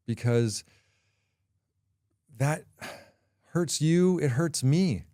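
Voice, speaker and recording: A middle-aged man hosting a podcast, talking through a personal confession in a candid, halting way with frequent pauses. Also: medium pitch, mellow, clean tone, no room sound, clean studio sound. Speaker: podcast host.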